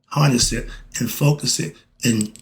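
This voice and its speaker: This middle-aged man hosts a casual talk on spiritual themes with an excitable, sermon-like manner, questioning himself aloud and supplying the answers. He shifts back and forth between heated surges and calmer stretches. His medium-pitched, creaky voice moves unhurriedly over slight background noise.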